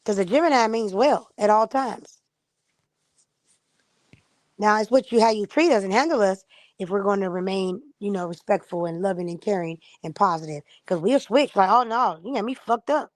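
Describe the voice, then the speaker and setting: A woman's voice: mid-range voice, moderate pace, no echo. A woman streamer in a casual live-stream monologue, blunt and profane, acting out the people she quotes.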